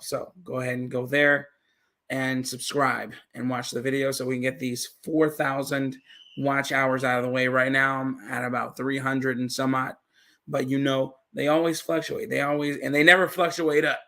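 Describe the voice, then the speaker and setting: A man's voice: mid-range voice, creaky, pushed and bright. A man hosting a livestream, chatting casually in a laid-back way. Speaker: livestream host.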